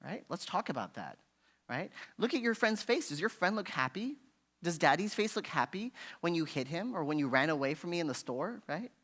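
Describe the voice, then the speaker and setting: Male workshop presenter, slightly high-pitched, chatty teaching tone, keeps asking "right?". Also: animated, a little fast, fairly bright tone. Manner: conversational, constantly asking "right?"; acts out frustrated parents in a raised voice. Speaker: parenting workshop speaker. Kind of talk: parent education talk. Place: church hall.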